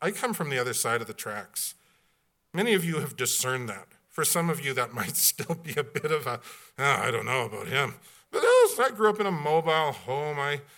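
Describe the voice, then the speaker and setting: A man preaching a sermon, blunt and folksy, swinging from loud outbursts to hushed asides. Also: medium pitch. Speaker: pastor.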